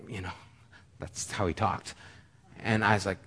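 Delivering a sermon, a middle-aged preacher shares a personal story in an earnest, halting manner, restarting often. His voice is mid-range and a bit bright.

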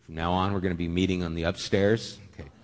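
A man preaching a sermon, telling a story with lively shifts, often dropping to a hushed voice. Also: sits low, fast talker. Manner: animated storytelling, dropping to a hush. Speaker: pastor. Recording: long hall reverb.

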